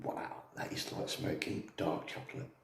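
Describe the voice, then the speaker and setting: A man's voice: moderate pace, fairly bright tone, roomy sound, slight background noise. A man casually chatting and explaining cigar steps as he goes. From England. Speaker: cigar vlogger. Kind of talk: casual chat and demonstration. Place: indoors at home.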